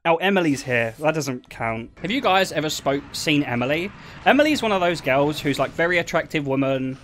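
A young man streaming live, chatting casually with his viewers in an excitable, joking way and laughing often. His voice is high for a man and swings widely in pitch. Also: brisk, a little hiss or hum. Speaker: livestreamer.

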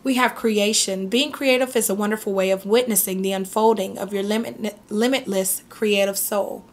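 Casting note: a woman tarot reader, mid-pitched, chatty and soothing, over faint background noise. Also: steady tone, moderate pace. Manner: chatty, reassuring, repeats "okay?" and "right?". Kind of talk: casual tarot reading.

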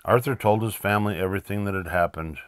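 An older man reading a children's picture book aloud in a lively, expressive way. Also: fairly low pitch, fast, smooth, no room sound, clean studio sound. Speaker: storyteller.

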